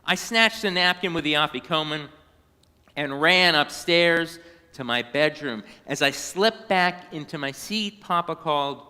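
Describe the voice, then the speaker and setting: A man reading a children's storybook aloud in a synagogue, animated and now and then singing short phrases. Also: on the high side, a little slow, clean tone, in a large hall. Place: synagogue sanctuary.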